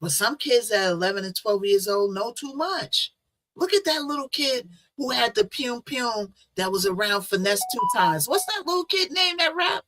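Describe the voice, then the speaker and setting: Woman host, bright voice, casual and talky, tosses in rhetorical questions. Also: on the high side, animated, moderate pace, slight background noise. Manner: chatty, conversational, rhetorical asides. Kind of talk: casual commentary on a news case.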